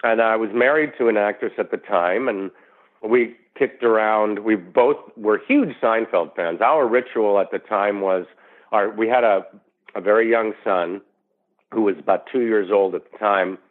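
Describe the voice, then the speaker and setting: A man's voice: lowish voice, moderate pace. A man from New York, an actor guest on an interview, telling stories and acting out the quoted voices. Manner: animated storyteller who acts out quotes. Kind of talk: casual storytelling interview. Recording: tinny phone-line sound.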